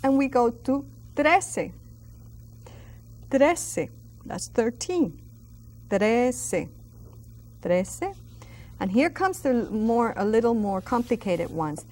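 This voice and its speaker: A woman teaches a class its numbers, taking her time over every word. Her voice sits a little high, and she draws out each sound with careful, exaggerated pronunciation. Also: sing-song, a little mellow. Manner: patient, drawn-out, exaggerated pronunciation modeling. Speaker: Spanish teacher. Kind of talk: instructional lesson.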